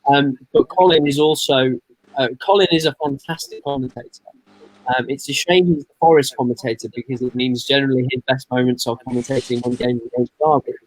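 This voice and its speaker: A man who works in radio answers fan questions in a chatty, easygoing manner. His voice sits at a middle pitch and he often pokes fun at himself. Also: steady tone, fairly quick, rough recording. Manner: chatty, friendly, self-deprecating. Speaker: radio presenter and commentator. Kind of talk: relaxed interview answers.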